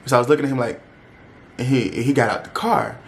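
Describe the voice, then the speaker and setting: Brief: young male vlogger, casual storytime, candid and slangy, mid-pitched voice. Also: fairly even intonation, fast, creaky, a little hiss or hum. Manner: candid, chatty, uses slang and addresses viewers.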